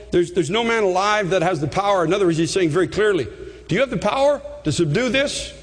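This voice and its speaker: Man preaching, very high voice, fervent, long hall reverb. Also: expressive, fast talker. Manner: fervent, repetitive preaching that rises to shouts. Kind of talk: sermon.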